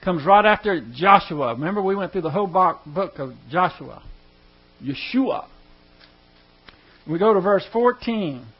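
Male preacher, high voice, folksy joking Bible teaching; muffled lo-fi recording with hum. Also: animated, a little slow, pauses often, slightly rough. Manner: chatty, joking asides, reads scripture aloud. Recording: dull lo-fi recording with mains hum.

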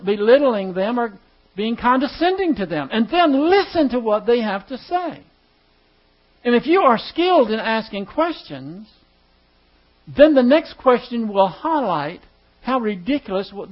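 A man teaching a class in a conversational way, putting questions to his listeners. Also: extremely high pitch. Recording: dull lo-fi recording.

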